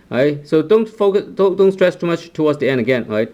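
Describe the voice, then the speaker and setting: A man's voice: mid-range voice, darkish tone. A man teaching a pronunciation lesson, saying the example sounds over and over, with lots of "uh" and "right?" tags. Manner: slow and repetitive, drawing out example sounds with frequent "uh" and "right?". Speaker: Cantonese language teacher.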